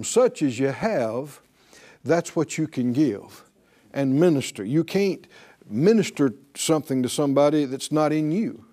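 A man's voice: a little high, dark tone. A middle-aged man teaching a sermon in a chatty, folksy way, often laughing and acting out the people he quotes. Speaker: pastor teaching a faith class.

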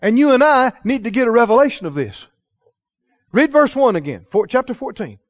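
A man preaching a sermon in church, emphatic, drawing call-and-response from the congregation and slowing down to stress key phrases. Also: extremely high pitch, lively intonation, lo-fi sound. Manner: slows for key phrases, acts out dialogue in quoted voices. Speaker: pastor.

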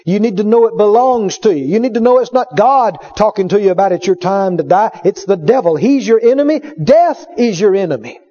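A male preacher with a very high voice delivers a sermon in an emphatic, repetitive way, now and then breaking into a shout. The recording sounds dull and lo-fi. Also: lively intonation, brisk, few pauses. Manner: emphatic, repeats his points, sometimes shouts.

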